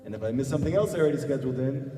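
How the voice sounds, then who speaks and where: Man, rabbi, sermon storyteller; mellow, earnest, repetitive emphasis; distant roomy recording. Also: medium pitch, animated, rapid-fire. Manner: earnest, repeats phrases for emphasis. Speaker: rabbi giving a talk. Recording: echoey hall, far from mic, faint guitar.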